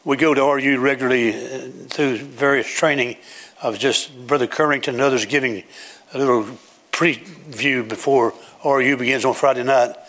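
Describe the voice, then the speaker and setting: A man's voice: medium pitch, fairly even intonation, normal speed. An older man preaching a sermon in a church, building to emphatic, declaiming runs. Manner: emphatic, rising to loud preaching cadence. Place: church sanctuary with platform.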